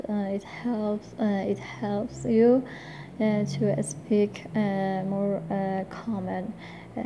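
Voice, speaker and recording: A woman's voice: mid-range voice, warm tone, dull audio, slight background noise. A woman speaking English as a second language, giving a hesitant, unscripted talk full of filler sounds and restarts. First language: not English. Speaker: forum member presenting a talk. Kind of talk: slow unscripted monologue.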